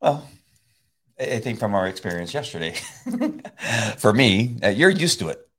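A middle-aged man chatting casually about faith, rambling with many halting restarts and frequent laughs. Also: fairly low pitch, animated, a bit bright, breathy edge. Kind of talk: casual conversation.

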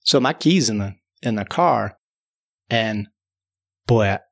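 A man with a gravelly, creaky edge to his voice tells a tall tale in an easy, conversational way. He wanders as he talks, repeats himself and restarts, and keeps dropping in "you know". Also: lowish voice, lively intonation, takes it slowly, a bit bright. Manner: rambling, repeats words and fills with "you know". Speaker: storyteller. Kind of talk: casual spoken tall tale.

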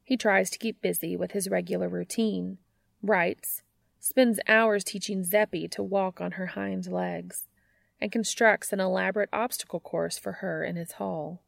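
A woman reading fan fiction aloud in a steady, unhurried audiobook narration. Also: mid-range voice, gravelly, dry recording, studio quality.

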